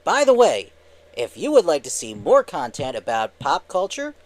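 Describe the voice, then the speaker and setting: A man hosting a movie review channel, narrating the review in an upbeat, lively, scripted way. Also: a little high, moderate pace, no echo.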